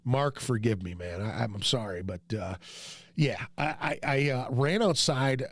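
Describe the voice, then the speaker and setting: A man hosting a podcast who tells a rambling, profane, self-mocking story and jumps into high yelps when quoting himself. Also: lively intonation, measured pace, dry recording. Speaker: podcast host. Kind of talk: casual storytelling monologue.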